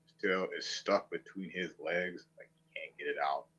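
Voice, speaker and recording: A man's voice: sits low, fairly even intonation, moderate pace, fairly bright tone, husky, lo-fi sound. A man streaming, ranting to viewers with a profane, mocking, combative manner. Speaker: online streamer.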